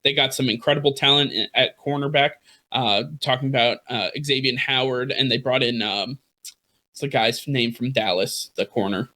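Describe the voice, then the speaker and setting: A man's voice: mid-range voice, moderate pace, pushed and bright. A man co-hosting a sports podcast, chatting casually about football teams with lots of fillers, restarts and the odd laugh. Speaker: podcast co-host.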